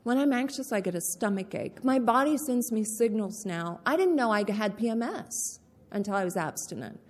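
A woman sharing her recovery story in a candid, deliberate way, often repeating key phrases. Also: a little high, lively intonation. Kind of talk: personal testimony talk. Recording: echoey hall with long reverb.

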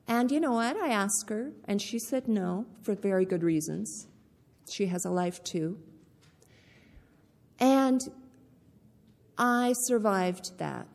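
A woman tells her own story at an unhurried pace, plain and candid, and she repeats her key points for weight. Her mid-pitched voice carries a long reverb from a big meeting hall. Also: creaky, darkish tone. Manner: candid, repeats key phrases, slow deliberate delivery. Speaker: speaker sharing her recovery story. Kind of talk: personal testimony talk.

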